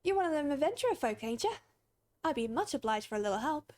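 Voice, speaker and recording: A woman's voice: high voice, big pitch swings, fast, a little mellow, voice pushed up. A woman voicing a poor rustic child in a video game, speaking in a folksy drawl. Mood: pleading. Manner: folksy drawl, plain-spoken.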